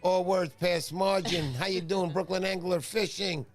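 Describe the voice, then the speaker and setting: Chatty high-voiced New man. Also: steady tone, a little slow, soft background music. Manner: chatty, joking, greets viewers by name. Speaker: livestream host. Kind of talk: casual livestream chat.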